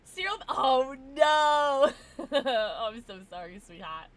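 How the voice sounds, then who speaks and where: A woman's voice: on the high side, big pitch swings, a little slow, fairly bright tone, dry recording. A young woman streaming a game, chatting casually with her viewers and reacting with frequent giggles. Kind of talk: casual gaming livestream chat.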